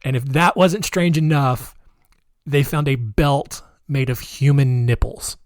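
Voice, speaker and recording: A man's voice: mid-range voice, unhurried, dry recording, studio quality. A male podcast host telling a true-crime story in a chatty, wry way, with frequent fillers and laughs at grim details.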